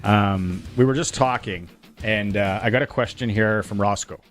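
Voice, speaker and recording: A man hosting sports talk radio in a chatty way, with lots of ums and quick asides. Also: on the low side, faint music behind. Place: radio studio.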